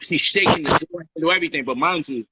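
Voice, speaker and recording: A man casually telling a personal story on a livestream, animated and profane, loudly acting out heated quotes. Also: a little high, fast talker, dull audio, slight background noise. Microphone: phone or livestream mic.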